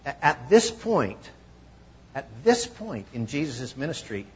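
Animated male preacher, slightly lo-fi. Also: medium pitch, unhurried, slightly rough. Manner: conversational, animated, acts out quoted voices. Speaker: pastor. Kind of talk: sermon.

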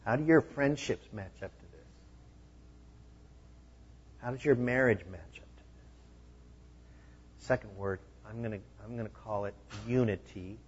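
A pastor preaching a sermon in a conversational style, driving points home with emphatic repeated phrases. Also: male voice, on the low side, measured pace, long pauses, breathy edge, lo-fi sound.

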